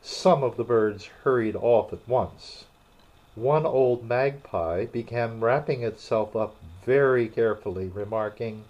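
A man narrating a storybook in a slow, expressive reading. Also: medium pitch. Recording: dull lo-fi recording.

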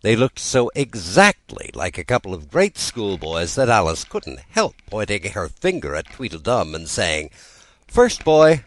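A man reading a classic storybook aloud as narrator, with an expressive delivery. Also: deep voice, moderate pace, few pauses, poor audio. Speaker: audiobook narrator.

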